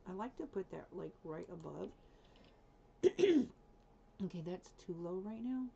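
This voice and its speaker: Gravelly low-voiced woman streamer. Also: big pitch swings, measured pace, dark tone, a little hiss or hum. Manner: chatty, thinks aloud, teases her dog between tasks. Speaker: live streamer. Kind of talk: casual live-stream chat while building in a game. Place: at home. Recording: dull lo-fi stream audio.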